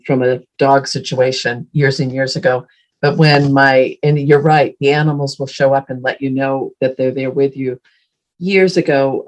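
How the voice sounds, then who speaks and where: A woman's voice: a bass voice, low-quality recording. A woman co-host chatting casually, affirming her guest and reflecting on her own stories. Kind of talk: casual chat.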